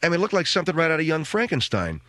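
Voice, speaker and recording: A middle-aged radio talk show host tells a comic story in an animated, jokey style, acting out voices and sound effects. His voice is on the high side and rapid-fire, with no echo.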